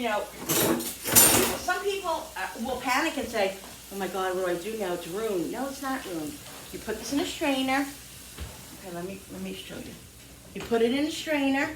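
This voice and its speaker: A woman hosting a home cooking video, talking in a rambling, chatty way with frequent self-corrections as she cooks. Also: medium pitch. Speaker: home cooking channel host. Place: home kitchen with sizzling pan. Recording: echoey kitchen, distant mic, frying noise.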